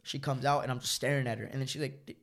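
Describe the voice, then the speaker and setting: A young man casually telling a long, profane story, rambling and animated. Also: medium pitch, very fast.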